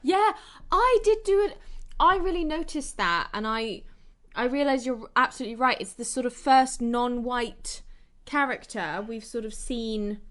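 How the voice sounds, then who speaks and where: Chatty woman podcast co-host, animated. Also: a little high, normal speed. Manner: animated, swears casually, leans on "like" and "sort of". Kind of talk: casual film review chat.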